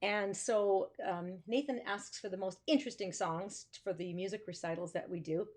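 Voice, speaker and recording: A woman's voice: medium pitch, normal speed, darkish tone. A woman music teacher hosting a live stream, chatting casually with self-amused asides. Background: guitar music.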